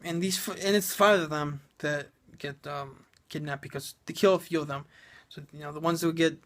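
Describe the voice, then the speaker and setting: A man's voice: on the high side, steady tone, normal speed, a bit bright. A man giving a sarcastic, profane, rambling movie review full of fillers and restarts.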